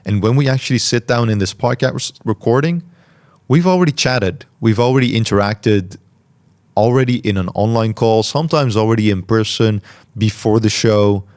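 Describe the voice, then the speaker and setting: Man, podcast host, slightly low voice, deliberate, clearly articulated, solo Q&A talk. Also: darkish tone. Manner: deliberate, reflective, carefully articulated.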